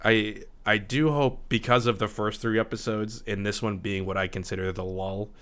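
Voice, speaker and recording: A young man with a lowish voice chats in a relaxed way on a livestream. His sentences often trail off into quieter asides. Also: normal speed, smooth. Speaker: podcast co-host. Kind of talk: casual livestream chat.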